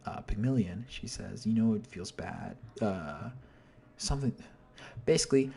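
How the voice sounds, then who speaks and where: A man's voice: on the low side, a little slow, gravelly, dark tone, a little hiss or hum. A man casually breaking down a song's lyrics, rambling, correcting himself and often dropping to a whisper. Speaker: video host explaining song lyrics. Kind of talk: casual lyric breakdown, quoting and half-singing lines.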